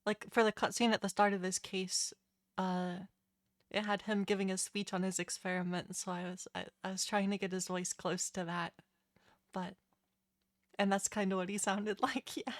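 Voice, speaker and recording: A woman's voice: medium pitch, flat delivery, moderate pace, no room sound, studio quality. A woman streamer chatting casually and self-deprecatingly while playing a game live. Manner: chatty, self-deprecating, laughing, hesitant restarts.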